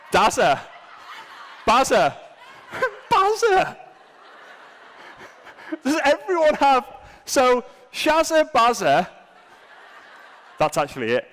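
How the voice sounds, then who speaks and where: A man's voice: a little high, a bit bright, big-room sound. A man giving a comedic live seminar talk to an audience in an event room, joking and poking fun at himself with asides to the crowd. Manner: jokey, self-mocking, asides to the crowd. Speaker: seminar speaker.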